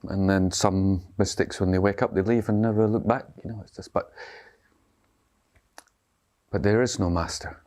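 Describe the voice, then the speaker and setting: A man's voice: deep voice, steady tone, normal speed, long pauses, a little mellow. A man giving a dharma talk as a meditation teacher, speaking loosely and conversationally and often checking in with his listeners. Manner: conversational, checks in with tag questions.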